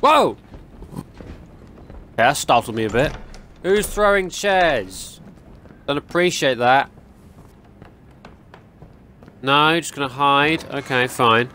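A young man chats his way through a horror game in a mid-pitched, everyday voice. He rambles between jolts and yelps at every scare. A faint hiss sits under the recording. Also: measured pace, sharp tone. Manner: chatty, rambling, easily startled, yelps and laughs at jump scares. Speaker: gaming channel host. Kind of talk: casual horror let's play commentary.

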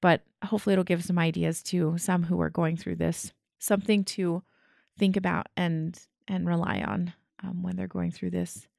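A woman's voice: fairly low pitch, flat delivery, moderate pace, gravelly, a little mellow, no room sound, studio quality. A woman hosting a podcast, thanking her guest with affirming, emotional words. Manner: affirming, emotional, many short yeahs and restarts. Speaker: podcast host. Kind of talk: warm interview chat.

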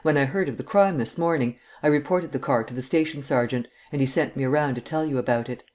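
A man's voice: mid-range voice, quick pace, darkish tone, natural voice. A man reading an audiobook, voicing a respectful, plain-spoken beat patrolman giving his report.

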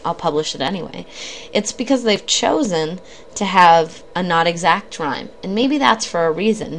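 A woman's voice: on the low side, slight background noise. A woman giving a recorded lecture on reading poetry, explaining in a conversational way with occasional ums and restarts. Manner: conversational, explanatory, frequent ums and self-corrections.

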